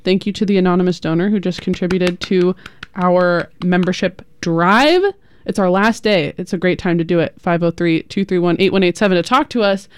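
A woman's voice: fairly low pitch, fairly even intonation, a little fast, clear, resonant tone. A woman co-hosting a radio show, chatting casually with lots of giggles and filler words, and reading out the station's call-in number. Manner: chatty, giggly, reads out phone number and donation link. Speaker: radio co-host. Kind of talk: casual on-air chat. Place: radio studio.

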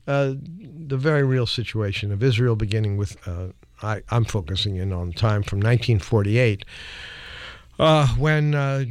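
A man's voice: fairly low pitch, darkish tone, no room sound. A man hosting a call-in radio show who laughs easily and talks with many hesitant fillers. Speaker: radio talk show host.

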